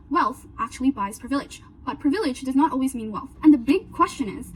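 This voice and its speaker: A student presenter with a high voice explains her material earnestly, going through each point in turn and leaning on "so" and "now" as she lists them. The recording is poor, with faint background noise.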